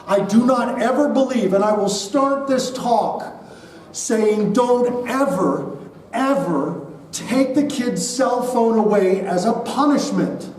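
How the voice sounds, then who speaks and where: A man in his forties giving an energetic talk to parents at a school event, getting the audience to answer back and repeat after him. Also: very high-pitched, takes it slowly, roomy sound, far from the mic. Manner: energetic, leads the audience in call-and-response. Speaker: keynote speaker at a school parent night. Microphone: body-worn mic.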